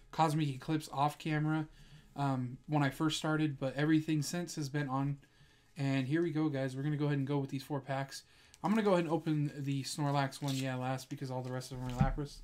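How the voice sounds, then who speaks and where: A man hosting a casual card-pack opening vlog at home, chatting to his viewers and bursting into excited shouts at big pulls. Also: a little fast. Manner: excitable, breaks into high-pitched shouts over good pulls; keeps addressing viewers as "guys". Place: at home with a dog in the room.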